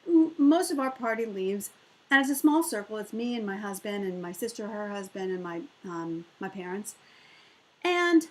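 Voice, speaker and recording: A middle-aged woman, a motivational speaker, telling a personal story in an animated way and acting out the voices of the people in it. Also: low-quality recording. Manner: animated, acts out quoted voices with big pitch jumps.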